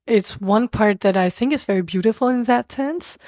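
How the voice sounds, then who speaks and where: A woman speaks English with a French accent in a relaxed podcast chat, her voice sitting in a middle range. She talks animatedly, stopping to hunt for words before pushing on. The recording is dry and close, with no room sound. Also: medium pitch, normal speed, dry recording. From France. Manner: animated, searching for words, laughs often. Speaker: podcast guest. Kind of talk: casual conversation.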